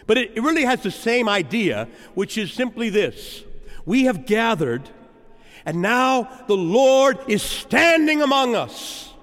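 A man preaching a sermon as a priest, with rhythmic, repetitive phrasing and dramatic pauses. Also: very high-pitched, big pitch swings, fairly bright tone, big-room sound. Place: church.

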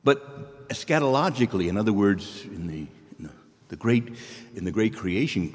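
A man's voice: mid-range voice, very animated, normal speed, big-room sound. A man preaching a sermon, earnest and pleading, who climbs to exclamations and then drops to near whispers.

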